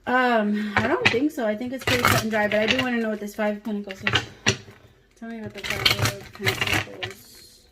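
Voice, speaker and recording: A woman's voice: mid-range voice, steady tone, a little fast, very noisy. A woman doing a casual tarot reading for her viewers, talking straight to them in a candid way and swearing freely. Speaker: tarot reader.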